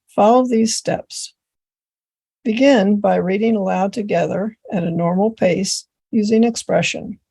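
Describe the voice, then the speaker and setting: Tutor trainer, woman, gravelly and mellow, steady step-by-step explaining. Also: mid-range voice. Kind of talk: instructional presentation.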